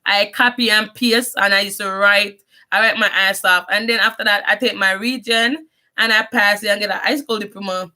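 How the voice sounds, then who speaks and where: A woman's voice: medium pitch, fairly even intonation, normal speed, pushed and bright. A young Jamaican woman with a strong Jamaican accent, telling her life story in a casual, rambling vlog, mixing in patois and often restarting her sentences. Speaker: vlogger.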